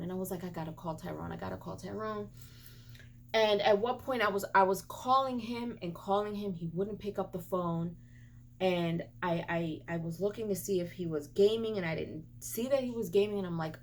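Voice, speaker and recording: A woman vlogger telling a personal story in an emotional, animated way, stumbling over her words and turning into an indignant scolding rant. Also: medium pitch. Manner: emotional, animated retelling with repeated stumbles and restarts. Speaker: beauty and gaming vlogger.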